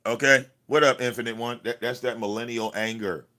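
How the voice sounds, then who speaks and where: A man's voice: medium pitch, fairly even intonation, a little fast, pushed and bright. A man hosting a livestream, ranting at someone in a confrontational, profane way and repeating himself. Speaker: livestream host. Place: cluttered home room.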